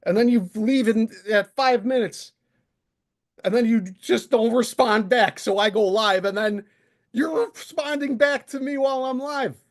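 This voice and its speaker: A man's voice: very high voice, a little slow. A male livestream host delivering an exasperated, profane, confrontational rant straight to the camera. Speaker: channel host. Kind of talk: ranting livestream monologue.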